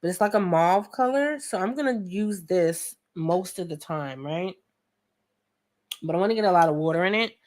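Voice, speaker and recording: A young woman hosting a casual painting tutorial at home, chatty and joking with viewers, often clearing her throat. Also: lowish voice, moderate pace, darkish tone. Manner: chatty, joking asides, talks to viewers as friends; frequent laughs and throat clearing. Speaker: art tutorial host. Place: home studio with a fan running.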